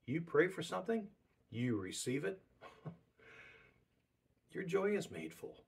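A man preaching a sermon in a relaxed, conversational way, repeating words for emphasis. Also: fairly high pitch, a little slow, gravelly, pauses often, husky.

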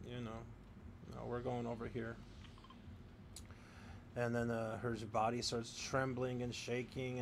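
A man streams a video game and rambles on to his chat, cursing freely and drifting from story to story. His voice sits at an ordinary, mid-range male pitch. A soft hiss of noise runs under the recording. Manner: rambling, profane, talking to chat while playing. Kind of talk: casual live-stream chat.

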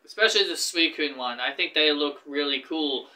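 An eager man chatting through gaming news on his channel, tripping over his words and starting sentences again. His voice sits high and rings very bright and sharp. He sounds like he can barely contain his excitement. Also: moderate pace. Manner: excitable and rambling, with frequent restarts. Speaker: gaming YouTuber. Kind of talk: casual gaming news vlog.

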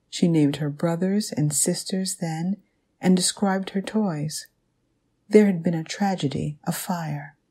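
A woman narrating an audiobook in a measured, even reading manner. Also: lowish voice, breathy edge.

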